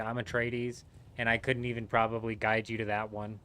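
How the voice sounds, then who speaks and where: A man's voice: lowish voice, little pitch movement, normal speed, bright, forceful tone, slight background noise. A man casually chatting with his viewers and answering their messages while he plays a game on a live stream.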